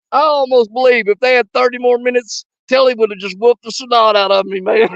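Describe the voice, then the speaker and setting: A middle-aged man hosting a fishing channel, chatting casually while sick with a cough and fever, folksy and quick to laugh. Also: high voice, no echo. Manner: folksy, laughs often, drawn-out shoutouts. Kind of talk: casual live chat shoutouts. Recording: dull, dry, lo-fi sound.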